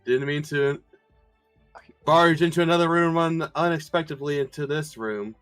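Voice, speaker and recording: A man's voice: a little high, normal speed, a bit bright, clean tone, no room sound, soft background music, natural voice. A man playing a sheepish adventurer woman.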